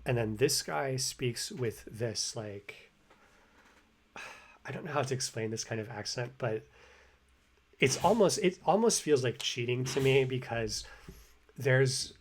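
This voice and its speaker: A man hosting a language-learning video, a native English speaker talking casually and rambling with many restarts. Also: medium pitch. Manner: rambling, lots of fillers and restarts. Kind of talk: casual commentary.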